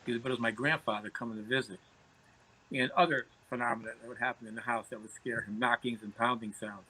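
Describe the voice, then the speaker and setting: A man's voice: medium pitch, fairly even intonation, fast talker, bright, forceful tone, husky, rough recording. A man, a podcast guest telling anecdotes in conversation, often repeating words as he starts phrases. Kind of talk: storytelling in conversation.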